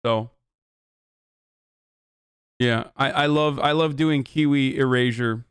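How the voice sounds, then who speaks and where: Smooth-voiced streamer man, dry and close. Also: medium pitch, steady tone, slow, no echo. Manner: loose, profane, rambling asides to chat. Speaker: streamer host. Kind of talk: casual live-stream chat.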